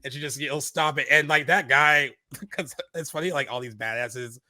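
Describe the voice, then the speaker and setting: Bright-voiced man in casual movie chat. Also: medium pitch, moderate pace, dry recording. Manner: animated retelling, acts out lines in quoted voices. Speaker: podcast co-host.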